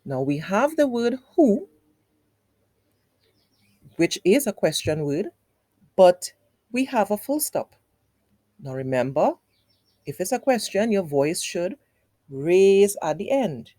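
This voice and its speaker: A woman's voice: mid-range voice, big pitch swings, slow, long pauses, mellow, dry recording. A woman teacher giving a lesson to young children. She speaks directly to them, step by step and with repetition, using exaggerated, sing-song intonation. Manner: patient, explains step by step with repetition.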